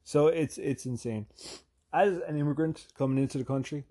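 A man from Ireland with a softened Irish accent, rambling through a casual, profane, self-deprecating vlog monologue. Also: on the high side, normal speed. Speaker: vlogger.

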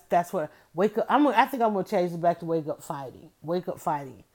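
A woman's voice: medium pitch, darkish tone. A middle-aged woman talking in a casual, rambling monologue, emphatic and full of restarts and self-corrections.

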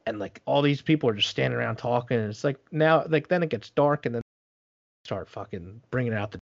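A man's voice: medium pitch, a little fast, vocal fry, lo-fi sound. A young man telling a long story in casual chat, rambling and profane, full of fillers.

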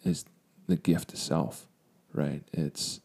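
A young adult podcast co-host candidly tells a personal story, joking at his own expense and slipping into a quiet, reflective register. His voice is a rumbling low, creaky and husky, steady in tone and slow in pace.

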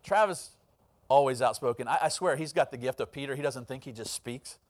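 A man's voice: mid-range voice, fairly quick. A man preaching a sermon as pastor, telling a personal story and acting out the voices in it. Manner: storytelling, acts out quoted voices.

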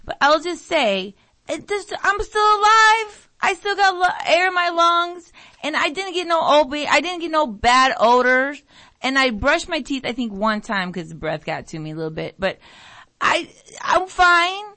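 A middle-aged American woman talks on the radio in a loose, rambling way, leaping up in pitch to punch a point. Her voice sits a bit high, and she sniffles from allergies. The sound is dry and close, with no room around it. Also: a little slow, no room sound. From United States. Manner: animated storytelling, mimics family voices, jumps pitch for emphasis. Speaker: radio show host, nurse. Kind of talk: casual rambling talk radio monologue.

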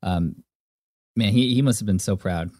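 A man's voice: on the low side, normal speed, a little mellow, no room sound, clean studio sound. A man hosting a podcast interview. He answers his guest with short, supportive reactions. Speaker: podcast host. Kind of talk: conversational interview.

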